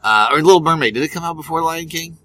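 A man's voice: on the high side, fast talker, pushed and bright. A man in his forties co-hosting a podcast, talking in a playful, rambling way with plenty of fillers. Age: 40s. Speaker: podcast co-host. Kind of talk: casual chat.

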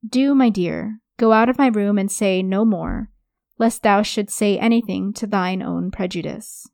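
A woman reading the lines of a gentle, forgiving elderly father in old-fashioned speech. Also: mid-range voice, measured pace, creaky, no room sound, studio quality.

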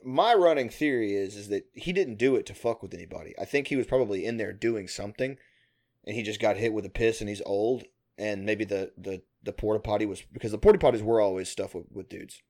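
A man's voice: on the low side, fairly quick, a little mellow. A man in casual chat, telling long rambling stories full of swearing and frequent laughter.

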